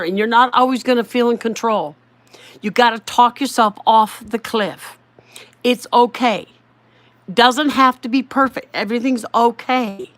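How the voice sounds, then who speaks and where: This is a middle-aged woman giving an earnest devotional talk in a fairly high voice. She is emphatic and repeats key phrases for stress. Her voice is recorded dry, with no room sound around it. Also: a bit bright, dry recording. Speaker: devotional speaker.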